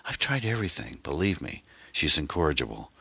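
A man's voice: a bass voice, sing-song, fairly quick, creaky, pushed and bright, breathy edge, dry recording, heavily acted. A man voicing a frightened, anxious middle-aged divorced mother in an audiobook, with a pleading manner. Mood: weary. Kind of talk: audiobook character voice.

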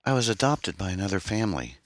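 A man voicing a troubled young woman, an orphan who talks in a hesitant, halting, pained way. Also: low-pitched, sing-song, dry recording, voice pushed up. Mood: guarded, pained.

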